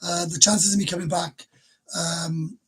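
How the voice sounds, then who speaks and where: Chatty husky Welsh man in his fifties. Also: high-pitched, little pitch movement, unhurried, a bit bright. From Wales. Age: 50s. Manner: chatty and emotional, laughs between sentences. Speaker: livestream host. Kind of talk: casual livestream chat. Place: bedroom.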